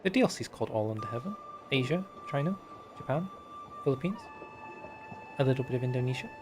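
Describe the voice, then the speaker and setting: A man's voice: mid-range voice, animated, quick pace, music in the background. A man streaming a strategy game, chatting casually and joking while reading the event text aloud. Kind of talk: casual gameplay commentary.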